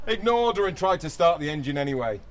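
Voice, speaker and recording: Lively man reading a comic story. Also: fairly high pitch, fast talker. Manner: playful, laughing narration. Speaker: podcast host. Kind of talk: reading a comic story aloud to a live audience.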